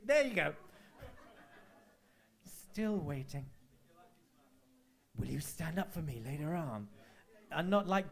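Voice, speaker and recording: A man hosting a live cabaret showcase, chatting and teasing the crowd with camp banter. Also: on the high side. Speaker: host. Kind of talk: cabaret compering.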